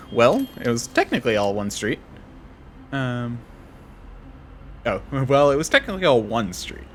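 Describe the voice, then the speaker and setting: A young man streaming a game, chatting casually and thinking out loud with frequent self-corrections. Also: mid-range voice, sing-song, moderate pace, slight background noise. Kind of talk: casual gameplay commentary.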